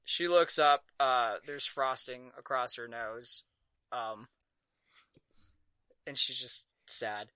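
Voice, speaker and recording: A man narrating as game master of a tabletop game, halting with many fillers and quick to laugh. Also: mid-range voice, pushed and bright, smooth, no room sound.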